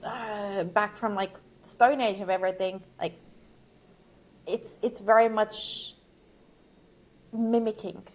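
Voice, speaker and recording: A woman's voice: mid-range voice, steady tone, takes it slowly, long pauses. Woman with a mixed, partly Australian accent. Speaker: branding guest. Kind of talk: casual podcast conversation.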